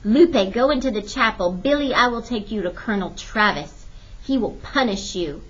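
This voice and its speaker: A woman playing a stern but kind frontier mother, speaking with firm, measured scolding, on a dull lo-fi recording. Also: medium pitch, lively intonation, husky.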